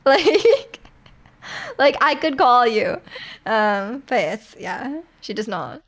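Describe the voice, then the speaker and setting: A woman's voice: a little high, animated, slow, fairly bright tone. A young woman from Canada chatting casually with viewers on a live stream, rambling with lots of fillers and laughs.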